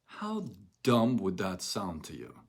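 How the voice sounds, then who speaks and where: A man with a lowish voice speaks slowly and deliberately on a livestream. He coaches in an emphatic way and keeps repeating phrases to drive his point home. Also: wildly swooping pitch, creaky, breathy edge. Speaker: network marketing coach. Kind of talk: motivational livestream talk.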